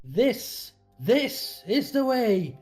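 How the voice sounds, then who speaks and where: A man voicing a defiant male warrior who rouses a crowd with slow, deliberate rhetorical questions. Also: high-pitched, sing-song, darkish tone, soft background music, full character voice.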